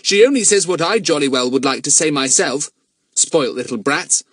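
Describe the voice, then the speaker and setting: A man's voice: a little high, expressive, normal speed, a bit bright, dry recording, studio quality, pitched above the performer's own voice. A man voicing a cheeky, blunt teenage boy. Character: cheeky boy with a parrot, young teen.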